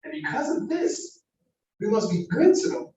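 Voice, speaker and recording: A man's voice: extremely high pitch, very animated, moderate pace, mellow. A man giving an informal sermon in a mosque hall, preaching in a casual, slangy way and acting out everyday dialogue. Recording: echoey hall, distant mic, faint noise.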